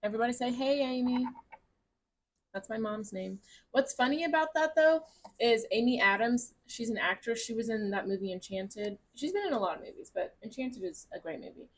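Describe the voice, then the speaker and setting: A woman's voice: on the high side, lively intonation, fairly quick. A woman giving a casual tarot reading to camera at home, gushing, chatty and encouraging, with the odd swear word. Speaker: tarot reader.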